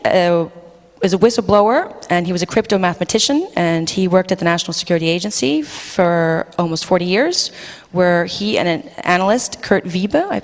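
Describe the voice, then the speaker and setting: Lowish-voiced woman moderating a panel, reads off notes w/ ums, big echoey hall. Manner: reads from notes with fillers and restarts. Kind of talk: introducing a panel, reading quotes. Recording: long reverb of a hall.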